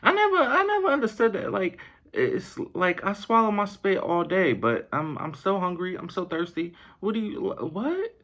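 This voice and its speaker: Man putting on a whiny little kid, five years old, high squeaky pitch, indignant. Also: sing-song, normal speed, a bit bright. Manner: whining, indignant. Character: whiny thirsty five-year-old boy.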